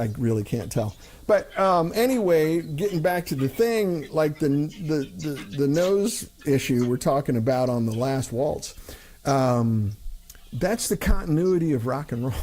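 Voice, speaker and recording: Animated middle-aged man telling road stories. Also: mid-range voice. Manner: animated, laughs often, acts out quoted voices. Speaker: host. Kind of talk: casual storytelling chat.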